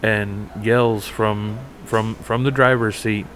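A man's voice: lowish voice, level tone, takes it slowly, a bit bright, a little hiss or hum. A man co-hosting a podcast, chatting casually and telling a rambling story full of fillers and restarts. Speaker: podcast co-host. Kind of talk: casual chat.

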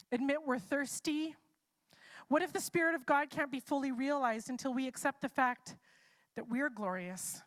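A woman's voice: high-pitched, fairly bright tone. A woman preacher giving a live sermon in a casual, chatty way, posing many rhetorical what-if questions.

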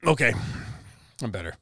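A man's voice: deep voice, gravelly, fairly bright tone, husky, no room sound, studio quality. A man co-hosting a casual podcast chat, joking around crudely and bouncing between ideas. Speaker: podcast co-host.

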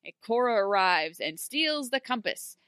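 A woman's voice: a little high, a little slow, smooth, no echo, clean studio sound. A woman chatting casually as a podcast co-host, recapping a TV episode and acting out the characters' lines. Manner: animated, acts out characters' lines.

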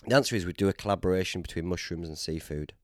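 A British podcast host talks very fast in a low-sitting voice, bantering casually and saying "mate" a lot. The chat is laid-back, recorded in studio quality with no echo.

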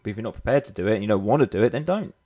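A man's voice: lowish voice, expressive, rapid-fire, dark tone. A man with a British accent, a fitness coach giving a blunt, sweary, rambling motivational talk. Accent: British English. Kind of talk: motivational monologue.

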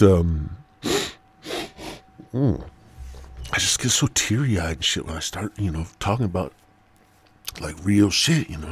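A man's voice: deep voice, slight background noise. A man hosting a podcast alone, rambling loosely through a profane monologue into a mic. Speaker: podcast host.

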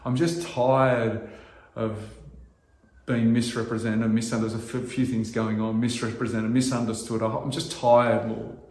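A man's voice: medium pitch, flat delivery. Earnest middle-aged male preacher, echoey hall. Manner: earnest, halting with restarts, rising to loud emphasis. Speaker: pastor. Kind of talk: sermon.

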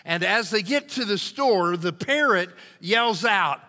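Brief: male pastor, bright, fairly high voice, hoarse, folksy sermon delivery in a reverberant sanctuary. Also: animated, unhurried. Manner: folksy, conversational, storytelling. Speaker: lead pastor. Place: church sanctuary. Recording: long reverb of a church hall.

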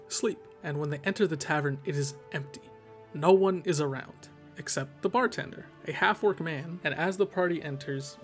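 A man with a slightly higher voice talks through a tabletop monster encounter, relaxed and chatty, leaning on fillers as he goes. A music bed plays clearly beneath him throughout. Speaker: podcast host presenting a tabletop monster. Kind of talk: casual explanatory talk about game design.

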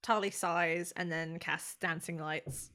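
A woman's voice: fairly low pitch, steady tone, takes it slowly, bright, forceful tone. A woman narrating a tabletop game as game master, describing scenes in a loose way full of "like"s.

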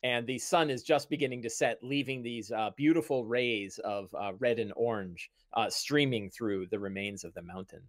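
A man narrating a tabletop game as game master, relaxed and descriptive, with many fillers. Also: medium pitch, moderate pace, few pauses, no echo.

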